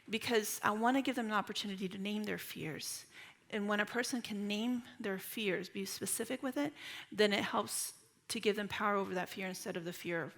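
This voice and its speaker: A woman's voice: medium pitch, normal speed, a bit bright. A woman in her thirties speaking at a church retreat, earnest and conversational as she tells a personal story. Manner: earnest, storytelling, acts out quoted voices.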